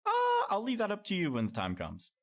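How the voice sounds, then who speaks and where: A young man co-hosting a game stream, chatting casually, excitable and quick to swear. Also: a little high. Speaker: co-host of a let's play stream.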